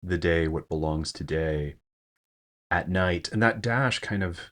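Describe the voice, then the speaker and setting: A man's voice: low voice, unhurried, a bit bright, slight background noise. A man giving a screen-share poetry lesson, thinking aloud with frequent fillers and self-corrections. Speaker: teacher.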